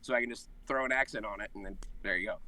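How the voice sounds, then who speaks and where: A man being interviewed about his voice acting work speaks in a brisk, bright voice. He tells anecdotes with plenty of energy and chuckles along the way. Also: on the low side, no room sound, far from the mic. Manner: animated, chuckles while telling anecdotes. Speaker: voice actor guest. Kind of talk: casual interview chat.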